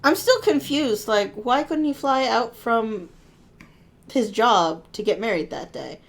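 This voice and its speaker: A woman's voice: fairly high pitch, expressive, unhurried. A woman co-hosting a podcast, adding wry, questioning comments in casual chat. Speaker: podcast co-host.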